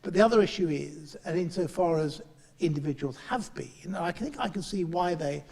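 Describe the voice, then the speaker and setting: Gravelly man in reverberant room. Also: on the high side, animated, a little mellow. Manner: halting, with frequent restarts. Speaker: chair and politician. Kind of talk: panel speech. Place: meeting room in Parliament.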